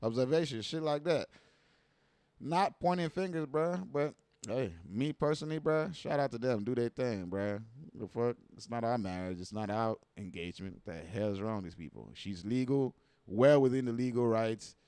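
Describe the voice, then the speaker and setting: A man's voice: mid-range voice, normal speed, darkish tone, clear, resonant tone, no echo. A man hosting a livestream, reacting to viral clips in casual, slangy, profane talk full of rhetorical questions.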